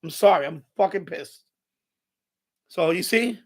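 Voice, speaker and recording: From the radio room in his home, a man hosts an unscripted live stream, showing his radios while rambling, cursing often and sounding irritated. He speaks at a normal speed in a high voice.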